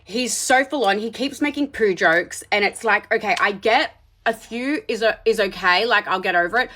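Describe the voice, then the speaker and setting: A woman in her thirties telling a bad-date story in a casual storytime monologue, blunt and animated, swearing freely. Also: medium pitch, moderate pace, a little hiss or hum.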